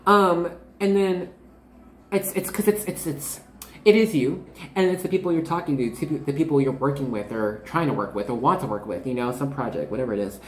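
Speaking fairly quickly in an extremely low voice, a tarot reader in her twenties rambles through a casual reading for viewers. She's bubbly, filler-heavy and keeps cutting herself off with asides, and the room is reverberant.

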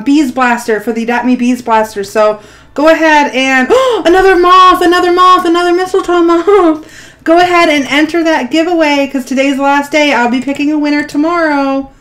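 A middle-aged woman hosting a gaming vlog, narrating as she plays, often gasping and squealing with delight. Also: high-pitched. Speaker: gaming channel host. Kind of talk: excited gameplay vlog narration.

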